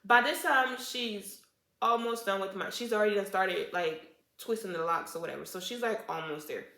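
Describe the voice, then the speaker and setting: A woman retelling a bad salon visit in a storytime vlog, animated and indignant, tripping over her words. Her voice is bright and forward, and the room gives it a noticeable echo. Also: mid-range voice, moderate pace. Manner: animated and indignant, full of "like" and restarts. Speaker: vlogger telling a story. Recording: echoey room.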